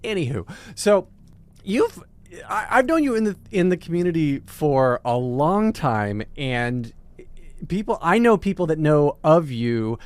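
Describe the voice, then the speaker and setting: A man's voice: fairly high pitch, sing-song, a little slow. A man hosting a podcast interview, introducing his guest with enthusiasm and joking with her. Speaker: podcast host.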